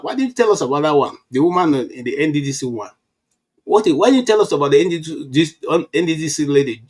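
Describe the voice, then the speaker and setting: Nigerian guy in his fifties, kinda husky voice, middle pitch, chatty and worked up, keeps restarting his sentences. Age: 50s. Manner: animated storytelling with frequent restarts. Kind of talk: casual political chat.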